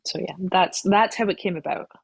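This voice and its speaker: A woman with a slightly husky, lowish voice talks through an interview as a company chief. She is chatty and self-deprecating, restarting sentences and laughing at herself. The sound is dry and close. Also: fairly quick, dry recording, poor audio. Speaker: company CEO, interview guest. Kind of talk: casual interview answers.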